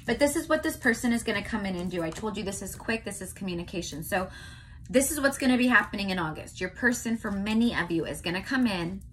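A young woman from California giving a casual tarot reading to her viewers, chatty and often checking in with a quick "okay?". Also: medium pitch, lively intonation, fairly bright tone, slight background noise. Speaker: tarot reader.

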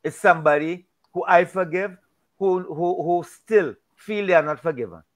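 Casually leading a Bible discussion, a man with a slightly higher-than-usual voice speaks at a moderate pace. His delivery is emphatic and preachy, and he frequently restarts and repeats words.

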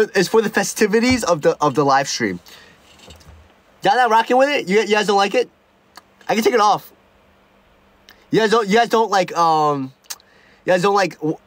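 A man's voice: high voice, no echo. A young man chatting casually on a live stream, rambling and joking with lots of stuttered restarts. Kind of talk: casual livestream chat.

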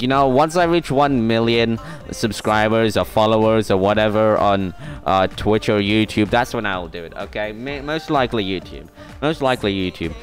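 A man's voice: on the low side, normal speed. A young man streaming a video game, talking to himself, counting items aloud and chatting to viewers in a casual, scattered way. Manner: mutters to himself, counts aloud, sings along to music. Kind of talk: casual live-stream commentary while playing. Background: faint music.

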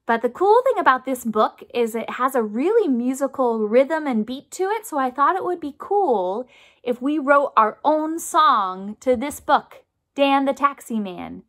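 Woman music therapist for small kids: high, unhurried, sing-song delivery. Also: animated, fairly bright tone. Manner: sing-song, coaxing teacher talk with call-and-response; imitates instrument sounds with her voice. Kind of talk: remote music lesson for young children.

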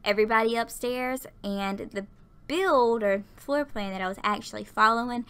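A young woman from lower Alabama, chatting and rambling through a casual video game voiceover, audibly out of breath. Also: normal speed, a bit bright, clean tone. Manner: rambling, chatty, lots of fillers. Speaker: Sims build YouTuber.

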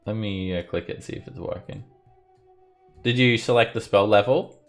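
A man's voice: lowish voice, normal speed, gravelly, faint music behind. A man acting as game master, patiently explaining rules and narrating the action of an online tabletop game. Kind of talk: narrating a tabletop game over a live stream.

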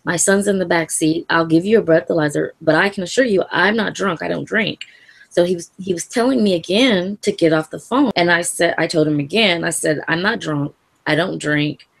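Giving a personal account in an interview, a Kentucky woman from around Louisville talks in calm, measured phrases with an occasional soft laugh. Her voice is very deep, gravelly and creaky.

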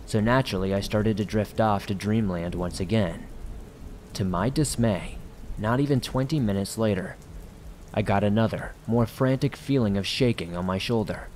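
A low-voiced man narrates horror stories for his podcast, reading in a casual, conversational way. Faint rain patters in the background. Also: moderate pace, darkish tone, slight background noise. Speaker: horror story podcast host. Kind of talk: scripted horror story narration.

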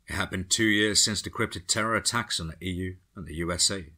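A man narrating a dark action story for a horror podcast with a steady, dramatic delivery. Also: sits low, brisk, hardly any pauses.

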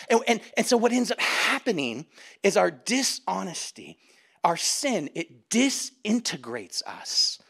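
High-voiced pastor preaching with dramatic swings. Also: male voice, sing-song, a little slow, slightly rough. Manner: dramatic swings between loud and hushed; conversational, addresses congregation directly. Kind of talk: sermon.

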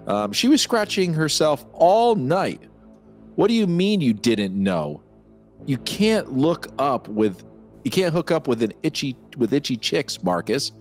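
A man's voice: medium pitch, big pitch swings, a little slow. A man co-hosting a film podcast in a joking, crude way, laughing often. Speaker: podcast co-host. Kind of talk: casual film chat. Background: faint synth music.

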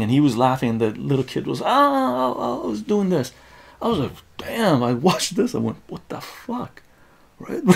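A man, swearing freely as he spins a casual live-stream story. His voice is gravelly and a bit husky, and his pitch swings widely from line to line. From Iran. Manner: profane and animated, tags lines with "right?".

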